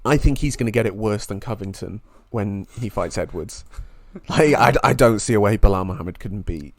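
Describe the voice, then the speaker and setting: A man's voice: lowish voice, normal speed, no echo, studio quality. A man co-hosting a sports podcast in casual chat, enthusiastic and openly emotional. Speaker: podcast co-host.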